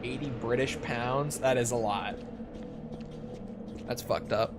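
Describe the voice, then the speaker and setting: A man's voice: medium pitch, slow, music in the background. A man giving casual gameplay commentary, chatty and joking as he thinks aloud. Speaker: gaming video creator.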